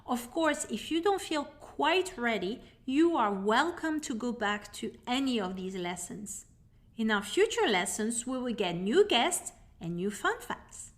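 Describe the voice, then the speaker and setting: A woman teaching a recorded language lesson, slowly repeating phrases for learners. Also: a little high, sing-song. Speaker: French teacher.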